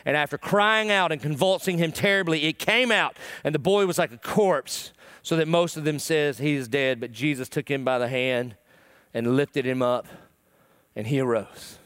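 Impassioned male pastor, crisp dry voice. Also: a little high, moderate pace, no room sound. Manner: emotional, swings between loud pleading and hushed tones. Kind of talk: sermon. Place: church.

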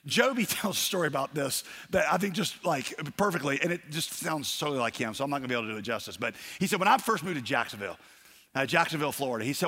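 A man preaching a sermon, telling a story and acting out the voices in it with animated energy. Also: fairly high pitch, long reverb tail. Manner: animated, acts out voices in stories. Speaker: pastor.

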